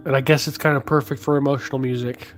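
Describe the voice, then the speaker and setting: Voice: mid-range voice, fairly even intonation, fast, faint music behind. A vlogger chatting casually while sculpting, rambling and joking with lots of fillers. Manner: rambling and jokey, many fillers.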